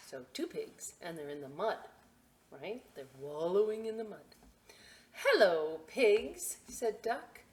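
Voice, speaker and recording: A woman reads a children's picture book aloud at a library storytime, pausing for chatty asides about the pictures. Her voice is on the low side but swings widely in pitch, and she takes her time. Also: a little hiss or hum. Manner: slow, expressive, chatty asides to kids.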